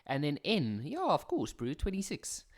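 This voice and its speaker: A man's voice: a little high, wildly swooping pitch, moderate pace, voice pushed up. A man putting on a Johannesburg South African accent to play an overconfident young male learner who talks in breezy slang. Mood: cocky.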